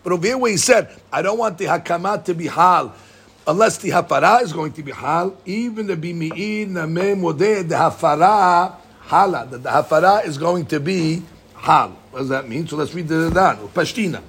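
A man teaching a casual Talmud study lesson. He reads the text off rapidly, then explains it in English, often stumbling and repeating words. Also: a little high, expressive, a bit bright, slightly rough.

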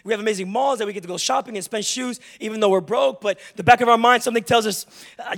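Fast-talking young male pastor, high voice. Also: vocal fry, fairly bright tone. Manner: humorous, confessional storytelling. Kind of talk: sermon. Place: church.

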